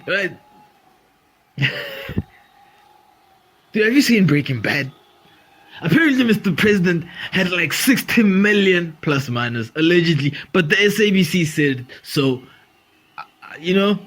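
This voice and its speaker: A man with a high, slightly bright voice hosts a comedy podcast. He riffs animatedly through a comedic monologue, swearing freely and laughing often.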